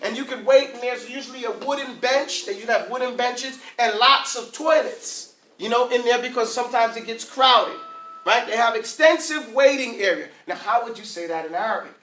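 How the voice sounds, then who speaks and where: A man teaching Arabic to a classroom of students, lively, asking questions and drilling sounds aloud. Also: very high voice, fairly quick, a little hiss or hum. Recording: roomy classroom, mic far off.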